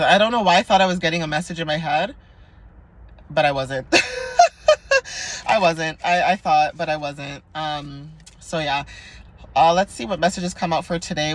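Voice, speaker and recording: A young woman giving a casual spiritual card reading in a chatty, playful, sassy way, laughing often. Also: deep voice. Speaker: oracle card reader.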